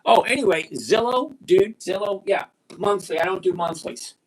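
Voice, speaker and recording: A man in his sixties hosting a live stock-trading chat, blunt and emphatic, repeating key points slowly. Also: sits high, breathy edge. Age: 60s. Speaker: livestream host.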